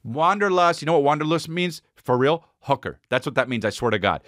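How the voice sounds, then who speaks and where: A man hosting a podcast, telling a comic story in an animated, rambling, profane way. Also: on the high side, a little fast, hardly any pauses, dry recording, clean studio sound. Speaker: podcast host.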